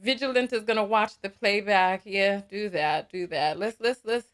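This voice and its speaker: A woman's voice: medium pitch, normal speed, fairly bright tone. A woman hosting a live reaction stream, reading viewer comments in a blunt, exasperated way and often repeating herself. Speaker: livestream host.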